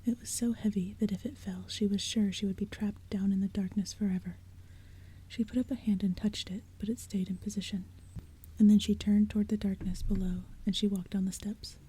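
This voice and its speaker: Whispered role-play: woman softly reading, dark tone. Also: medium pitch, little pitch movement, slightly rough. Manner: soft unvoiced whisper, slow and hushed. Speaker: ASMR audiobook reader. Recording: faint rain sounds behind. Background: soft rain and thunder.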